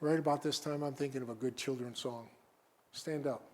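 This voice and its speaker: A man preaching as a guest at a live-streamed church service. He reads scripture slowly and with weight, then talks casually with the congregation. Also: medium pitch, steady tone, a little mellow. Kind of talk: sermon.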